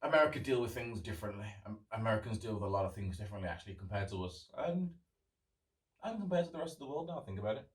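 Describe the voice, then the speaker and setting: A man's voice: on the low side, animated, rapid-fire, distant mic. A young man hosting a casual solo podcast, rambling and chatty and swearing freely. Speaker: podcast host. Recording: roomy, off-mic sound.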